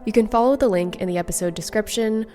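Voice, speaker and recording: A woman hosting a podcast, reading a scripted intro and outro in a measured, even way. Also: mid-range voice, faint music behind. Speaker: podcast host.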